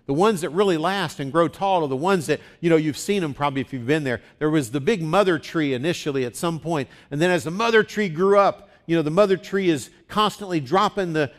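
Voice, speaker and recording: A middle-aged male pastor preaching a conversational sermon, teaching plainly and leading the congregation to repeat words after him. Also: a little high. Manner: conversational, teaching, leads the congregation in call and response.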